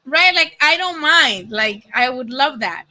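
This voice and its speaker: Young woman streamer from Nayarit, high, piercingly bright voice, casual and profane. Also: unhurried, poor audio. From Nayarit, Mexico. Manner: chatty, excitable and profane, talking to viewers. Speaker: boxing commentary streamer. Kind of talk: casual livestream chat.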